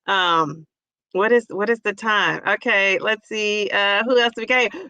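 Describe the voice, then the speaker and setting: Bright-voiced chatty woman in her fifties. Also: mid-range voice, measured pace, dry recording, poor audio. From Ohio. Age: 50s. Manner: chatty and effusive, greets viewers with loud bursts. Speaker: livestream host reading chat. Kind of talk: casual live chat.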